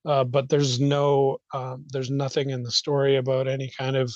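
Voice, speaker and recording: A man of middle pitch talking things through off the cuff, pausing often and restarting his sentences. The sound is dry and a little dull and muffled, with no room around it. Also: monotone, a little mellow, no echo. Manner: rambling, hesitant, with many fillers and restarts. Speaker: guest. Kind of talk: unscripted explanatory talk.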